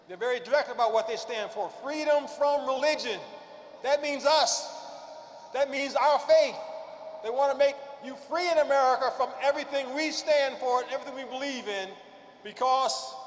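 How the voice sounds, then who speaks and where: A man with a strikingly high voice delivers a prepared religious address in a large convention hall. He speaks emphatically and slows down to stress key phrases. His words ring out with a long, roomy reverb and a faint ambient hiss behind them.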